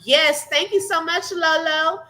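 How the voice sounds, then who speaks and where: A woman's voice: extremely high pitch, steady tone, measured pace, bright, forceful tone, rough recording. A woman hosting a live reaction stream, chatting casually and thanking viewers by name. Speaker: livestream host.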